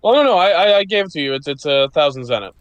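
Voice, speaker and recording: Male game master, smooth clear voice, dry close sound, easygoing rules explainer. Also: fairly high pitch, sing-song, fast, no echo, dull audio. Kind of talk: running a tabletop game session.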